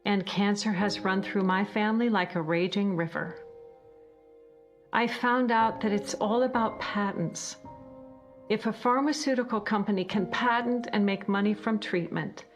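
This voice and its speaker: A woman's voice: medium pitch, steady tone, normal speed. A woman giving earnest, heartfelt personal documentary narration. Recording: voice-over with music underneath.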